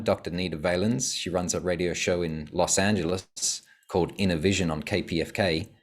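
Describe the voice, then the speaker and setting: A man, a podcast guest, telling reflective stories about his life in a casual conversation. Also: deep voice. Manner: reflective storytelling.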